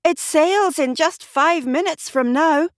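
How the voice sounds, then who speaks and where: A woman's voice: high voice, no echo, studio quality, voice pushed up. A woman voicing a flustered, jittery clerk. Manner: nervous, hurried. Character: flustered male shipping clerk.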